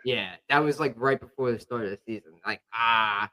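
A man's voice: mid-range voice, moderate pace, bright, forceful tone, poor audio. A man hosting a sports podcast, telling a story. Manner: rambling storytelling with many fillers. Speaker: podcast host. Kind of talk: casual sports chat.

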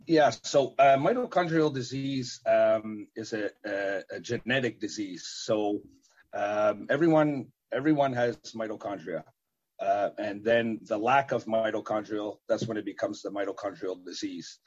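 A man with a husky, low voice answers interview questions haltingly, full of fillers and restarts. He talks as a parent and event organizer. The recording sounds dull and lo-fi. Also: darkish tone. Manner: halting, many fillers and repeated words.

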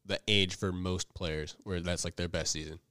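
A man's voice: low-pitched, steady tone, normal speed, sharp tone, smooth, no room sound, clean studio sound. A man in a casual sports chat, earnest and explaining facts. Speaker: podcast co-host.

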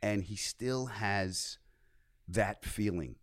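A man as a podcast guest, telling stories in casual chat with loud excited bursts. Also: fairly low pitch, extremely slow.

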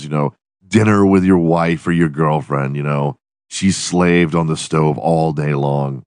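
A man's voice: sits low, darkish tone, smooth, no echo, studio quality. A man hosting his podcast in a profane, rambling, giggly solo monologue. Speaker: podcast host.

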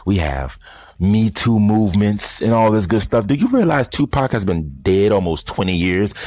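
Deep-voiced man ranting bluntly. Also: a little mellow, dry recording. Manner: blunt, rambling, conversational. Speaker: vlogger addressing stoner audience. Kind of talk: casual opinion monologue.

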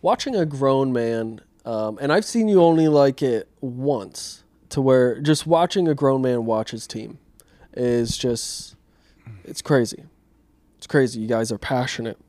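A man's voice: mid-range voice, measured pace, mellow, no echo. Rambling, laid-back male podcast co-host. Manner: laid-back, rambling with many fillers and profanity. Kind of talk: casual chat.

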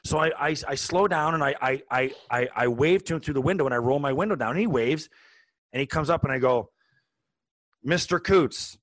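A man in his forties, a podcast co-host, telling a long casual story with lots of restarts and animated asides. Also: mid-range voice, a little fast, no echo. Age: 40s. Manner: animated, rambling with many restarts.

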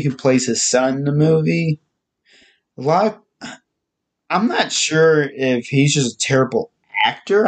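In a mid-range voice, a man delivers a halting, casual movie review out loud, reeling off facts and frequently starting over.

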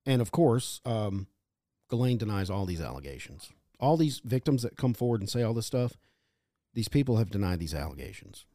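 A man co-hosting a casual podcast, reading notes aloud and telling a story in an animated way. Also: fairly low pitch, moderate pace, no echo, studio quality. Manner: animated storytelling, puts on quoted voices.

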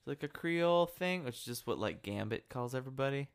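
A man's voice: mid-range voice, lively intonation, fairly quick, smooth. A man co-hosting a podcast in casual chat, throwing in wry quips. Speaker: podcast co-host.

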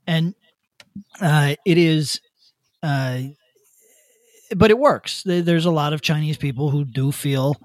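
A man's voice: mid-range voice, dry recording, studio quality. Blunt, profane male podcast host. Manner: profane, blunt, halting restarts. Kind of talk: casual opinion rant.

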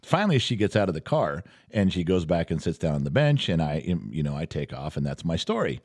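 Low-voiced man telling stories animatedly. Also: brisk. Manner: animated, exasperated storytelling. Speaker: podcast host. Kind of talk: casual storytelling chat. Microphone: studio podcast mic.

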